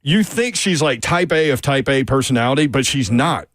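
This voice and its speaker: A man hosting a radio show, upbeat and quick to laugh in casual banter. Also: medium pitch, lively intonation, fairly bright tone, no room sound, studio quality. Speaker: radio host.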